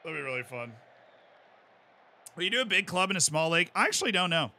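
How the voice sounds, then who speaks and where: A man in his twenties with an American accent, chatting casually on a live stream as he plays a game and reads out chat, bursting into excited yells. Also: on the high side, fast talker. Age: 20s. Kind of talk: casual live-stream commentary while gaming.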